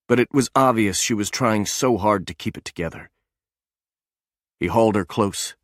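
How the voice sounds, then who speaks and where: A man narrating a suspense audiobook in an even, measured storytelling manner. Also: fairly low pitch, no echo, clean studio sound.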